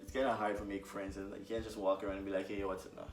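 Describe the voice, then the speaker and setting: A Jamaican man with a low voice talks casually and unhurriedly, pausing with fillers as he thinks. He sounds a little far from the mic in an echoey room, with faint music behind. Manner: relaxed, halting, many fillers. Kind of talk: casual conversation.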